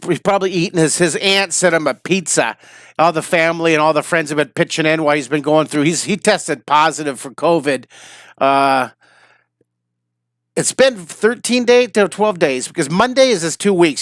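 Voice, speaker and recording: A man's voice: on the high side, normal speed, fairly bright tone, no room sound, clean studio sound. A man in his fifties, a drawing teacher on a live stream, chatting and rambling to his viewers, tired and a little wheezy. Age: 50s. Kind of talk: casual live-stream chat.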